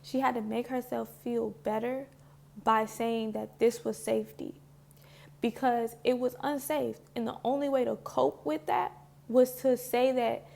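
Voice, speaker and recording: A woman's voice: fairly high pitch, steady tone, unhurried, vocal fry, darkish tone. A woman talking to camera about spiritual healing in a casual, heartfelt way, loose and full of "like"s, close to tears. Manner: earnest and heartfelt, loose with many "like"s. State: emotional, near tears. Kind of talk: casual reflective talk to camera.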